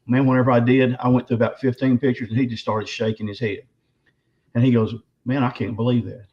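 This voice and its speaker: A man's voice: medium pitch, level tone, fast. A man, a guest telling stories in a rambling, emphatic way with many restarts, his voice slightly quivering with emotion. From Arkansas. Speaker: guest author and Bigfoot researcher. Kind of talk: casual interview storytelling. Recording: slightly dull lo-fi audio.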